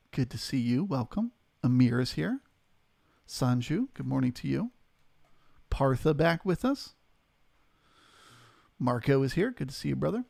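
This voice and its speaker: Gravelly man giving live market commentary. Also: mid-range voice, no room sound. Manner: steady analytical, greets chat viewers. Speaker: trading stream host.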